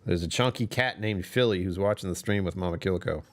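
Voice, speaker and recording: Deep-voiced man chatting on a livestream. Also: brisk. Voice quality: deep voice that sometimes drops even lower. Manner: rambling, self-deprecating, chuckles often. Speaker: live streamer hosting his channel. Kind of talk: casual livestream chat with viewers.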